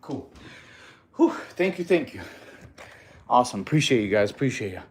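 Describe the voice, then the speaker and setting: A man's voice: mid-range voice, big pitch swings, normal speed. Easygoing male streamer in an echoey room. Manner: laid-back slangy talk, calls viewers bro. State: out of breath while counting push-ups. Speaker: fitness livestreamer. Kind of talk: casual livestream chat.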